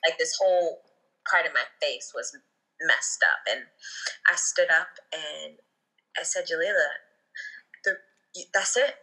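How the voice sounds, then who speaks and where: A woman's voice: sits low, a little slow, long pauses, sharp tone, rough recording. A woman guest telling a personal story in a casual, emotional way, acting out what people said. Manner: emotional, vivid retelling with quoted dialogue.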